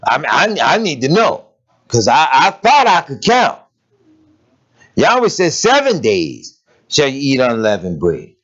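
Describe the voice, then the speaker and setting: A man preaching a sermon in a lively, conversational way, asking rhetorical questions and laughing as he goes. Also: fairly high pitch, a little slow. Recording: dull lo-fi recording.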